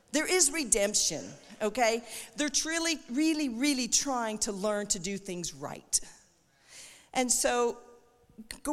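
Middle-aged woman sharing a testimony at church, lively storyteller, lots of reverb in the hall. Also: a little high. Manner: animated storytelling, acts out quoted voices. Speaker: missionary speaker. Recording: echoey hall with long reverb.

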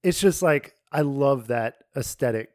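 A young adult man co-hosts a podcast in a medium-pitched, slightly mellow voice with lively intonation and a measured pace, recorded at studio quality with no room sound. He chats casually and rambles, leaning heavily on "like."

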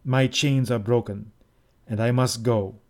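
A man's voice: medium pitch, steady tone, measured pace, natural voice. A man voicing a half-mad exultant priest. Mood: cold scornful. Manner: exultant and scornful, then cold. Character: ecstatic, half-mad male Egyptian priest. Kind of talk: audiobook character reading.

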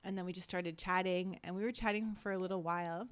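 A woman in her thirties, a podcast co-host, chatting casually with lots of fillers and lively storytelling. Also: fairly low pitch, quick pace. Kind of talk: casual chat.

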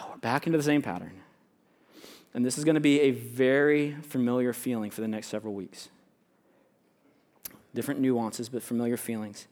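A male pastor of students and young adults preaching a sermon to a congregation, chatty and joking, with quick asides between loud emphasis and quiet remarks. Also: medium pitch, steady tone. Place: church sanctuary with a congregation.

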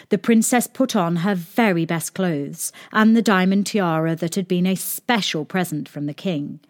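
A woman reads a children's story aloud, gentle and expressive in her storytelling. Her voice is on the low side.

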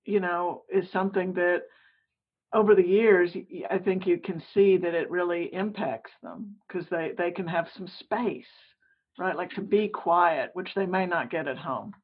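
A soft-spoken woman mentor with a raspy, breathy voice. She talks thoughtfully and with some hesitation, and the sound is thin and phone-like. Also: on the low side, moderate pace. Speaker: youth mentor. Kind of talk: casual storytelling. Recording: tinny phone-like line.

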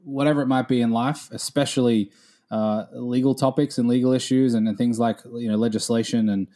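A man in his thirties, a guest on a podcast, answers questions in a measured, articulate manner. His voice is mellow and dark, with a calm, even delivery. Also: mid-range voice. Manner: measured, articulate with some fillers. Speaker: guest, gaming attorney. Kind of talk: casual interview.

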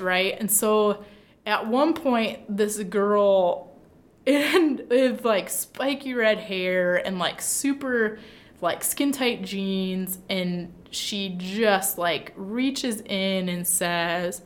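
A young Midwestern woman with a medium-pitched voice draws out her words while telling a personal story in casual chat. She's chatty and animated in the retelling, using lots of fillers, especially "like."

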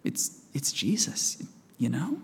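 A man's voice: medium pitch, wildly swooping pitch, slow pace, gravelly, darkish tone, husky, heavily acted. A man playing a flustered, hesitant fellow who stumbles over his excuses, in a sermon skit. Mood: sheepish. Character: flustered man who let the prisoner slip away. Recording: reverberant church hall.

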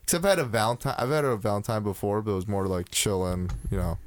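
Fast and lively in intonation, a young man with a lowish voice co-hosts a podcast in a dry space without echo. His casual chatter rambles along with constant restarts, fillers and plenty of swearing.

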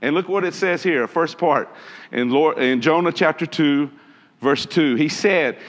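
A man preaching a sermon in an animated, emphatic way, calling out to his listeners and reading scripture aloud. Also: fairly high pitch, measured pace. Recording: dull sound with long hall reverb.

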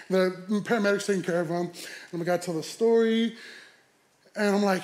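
A young adult man, a pastor, telling a comic story in a sermon, animated and laughing as he goes. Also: high-pitched, a little fast. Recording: echoey hall.

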